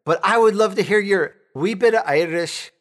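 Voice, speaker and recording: High-voiced and moving at a moderate pace, the Chicago-born host chats easily with guests on his interview program, playing the part of a lively, joking storyteller.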